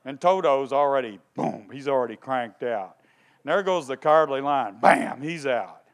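At a moderate pace and in a mid-range voice, a male pastor gives a sermon. His storytelling is lively, and he keeps asking the congregation questions as he retells the story.

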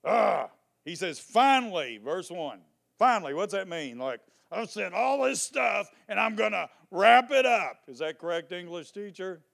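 A man's voice: high-pitched, sing-song, measured pace, gravelly, fairly bright tone. A man preaching a sermon to his congregation, joking and teasing between Bible readings. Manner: reads scripture aloud and explains it. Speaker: pastor. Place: church before a congregation.

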